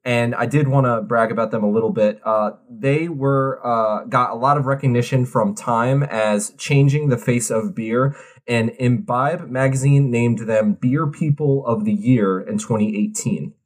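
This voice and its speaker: Male podcast co-host, upbeat and playful, mid-pitched, loose and filler-heavy. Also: unhurried. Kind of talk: casual chat.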